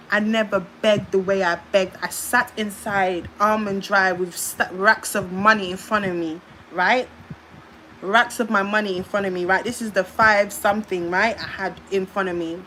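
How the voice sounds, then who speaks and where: A young woman with a British accent tells a winding personal story on a phone livestream, circling back and trailing off into repeated filler sounds. Her voice sits at an ordinary middle pitch. A faint background hiss runs under her words. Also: bright, forceful tone, low-quality recording. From United Kingdom.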